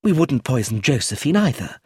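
A curt, defensive woman read by a male narrator with a slightly raised pitch and impatient, clipped lines. The husky voice stays close in a dry recording. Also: very animated, brisk, warm tone, no room sound.

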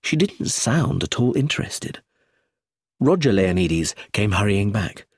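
Husky expressive male storyteller. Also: on the low side, a little slow, dry recording, clean studio sound. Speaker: narrator. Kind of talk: scripted narration.

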